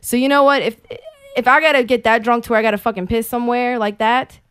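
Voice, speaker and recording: A woman's voice: fairly high pitch, fast talker, smooth, no echo. A woman, co-hosting a podcast and telling casual stories, swearing freely and acting out the people in them. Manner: animated storyteller, swears a lot, acts out voices. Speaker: podcast co-host. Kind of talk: casual chat.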